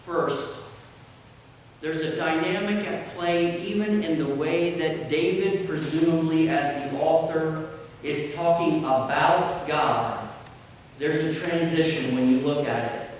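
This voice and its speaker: A man preaching a sermon, slow and deliberate with pauses, in a church sanctuary. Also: on the high side, a little hiss or hum. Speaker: pastor. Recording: roomy church hall, mic at a distance, faint ambience.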